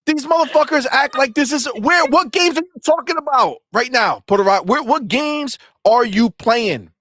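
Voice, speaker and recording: A man co-hosting a gaming talk show, heckling and swearing in animated casual chat. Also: very high-pitched, moderate pace, no echo, clean studio sound. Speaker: podcast co-host.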